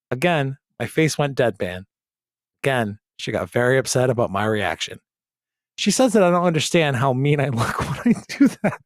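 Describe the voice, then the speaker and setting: A man's voice: mid-range voice, dry recording, clean studio sound. A man hosting a podcast in casual comedic chat, reading a post aloud with sarcastic, profane asides. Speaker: podcast host.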